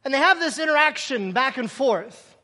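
A man's voice: very high voice, lively intonation, normal speed, bright, forceful tone, in a large hall. A man preaching a sermon, acting out scripture scenes and asking rhetorical questions.

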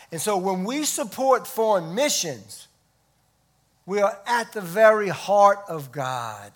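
A man preaching a sermon, stressing key words loudly and dropping to hushed asides. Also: high voice, big pitch swings, slow pace. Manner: emphatic, swinging between loud stresses and hushed asides. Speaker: pastor.

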